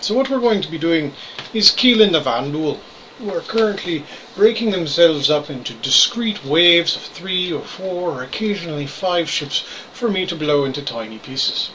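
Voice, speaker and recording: A man's voice: fairly high pitch, expressive, moderate pace, sharp tone, a little hiss or hum, rough recording. Man hamming up a fake Irish accent. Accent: put-on Irish. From Canada. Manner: jokey, self-mocking. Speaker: gamer. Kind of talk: gameplay commentary.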